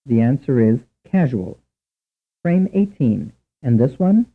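A man narrating a language lesson in a measured, lecturing way. His voice moves animatedly up and down as he sets out each drill. The recording is thin and phone-like. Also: mid-range voice, sing-song. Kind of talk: scripted instructional narration. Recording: tinny narrow-band recording.

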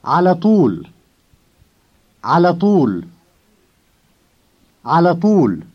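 A man giving slow, carefully enunciated model phrases for learners to repeat in a language course. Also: on the high side, wildly swooping pitch. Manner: deliberate, clearly enunciated repetitions. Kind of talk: slow, careful pronunciation drills. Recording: dull lo-fi course recording.

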